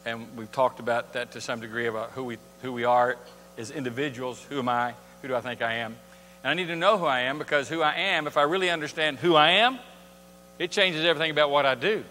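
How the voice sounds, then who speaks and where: A man's voice: medium pitch, fast, bright, forceful tone, slight background noise. A man preaching a sermon in a church, talking conversationally and asking his congregation rhetorical questions. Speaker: pastor. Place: church sanctuary. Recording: long church hall reverb.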